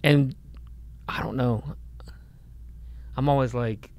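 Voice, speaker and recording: A man's voice: mid-range voice, fairly even intonation, takes it slowly, darkish tone. A man co-hosting a podcast in casual chat, rambling and hedging his thoughts with "like" and "I mean". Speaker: podcast co-host.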